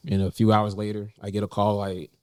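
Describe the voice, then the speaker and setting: A young man speaks in a low, smooth, resonant voice, recorded close and dry with no room sound. He talks casually and haltingly, full of fillers and restarts. He lifts his pitch when he quotes himself. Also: completely flat delivery, darkish tone, dry recording. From North Carolina, USA. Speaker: podcast co-host sharing a personal story. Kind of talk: casual heartfelt conversation. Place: indoors in a cafe.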